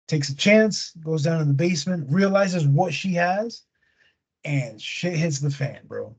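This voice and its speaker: A husky, slightly high-voiced man talks loosely and animatedly, slangy as he walks through a scary movie's plot. The recording sounds dull and lo-fi. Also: animated, moderate pace. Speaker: podcast host. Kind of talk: casual chat retelling a movie plot.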